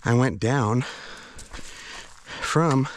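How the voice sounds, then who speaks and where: Hiking in the woods and short of breath, a man rambles hesitantly through a casual vlog, restarting often and using many fillers. His medium-pitched voice draws out words, and a slight hiss or hum is audible.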